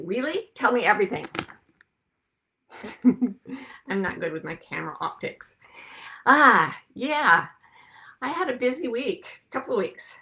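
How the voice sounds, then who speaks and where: The host, a woman whose voice is sharp and on the high side, runs a casual live broadcast from a video call webcam. She keeps chatting with and welcoming viewers, laughing a lot along the way.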